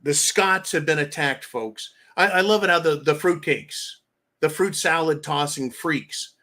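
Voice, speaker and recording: American man, live-stream host, fairly high voice, ranting, loud outbursts, crude jabs. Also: measured pace. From United States. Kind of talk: live-stream commentary reading donations.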